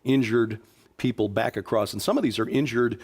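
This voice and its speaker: A man's voice: mid-range voice, a little fast, darkish tone, slightly rough. A man hosting a casual interview, affirming his guest and asking questions. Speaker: host.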